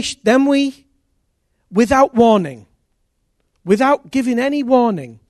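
In a clean studio recording with no echo, a man with a high voice tells conversion stories during a sermon. He is animated, acting out the people's voices and repeating phrases as he narrates.

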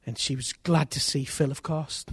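A slightly rough, slightly high male voice speaks at normal speed in clean studio sound with no room sound. He is telling conversion stories in a sermon, animatedly acting out the characters and repeating phrases.

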